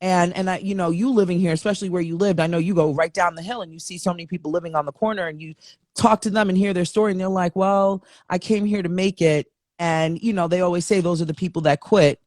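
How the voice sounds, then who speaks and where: A woman's voice: lowish voice, fairly even intonation, fast talker, darkish tone, dry recording, studio quality. A woman hosting an interview, asking long, rambling, admiring questions of her guest. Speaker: podcast host.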